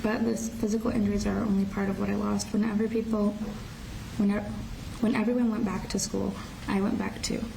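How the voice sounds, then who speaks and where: A teenage girl reading her prepared statement in a courtroom, quiet and subdued, often stopping to restart phrases. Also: mid-range voice, little pitch movement, fairly quick, gravelly. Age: teens. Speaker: shooting survivor giving a victim impact statement. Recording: distant courtroom audio with faint noise.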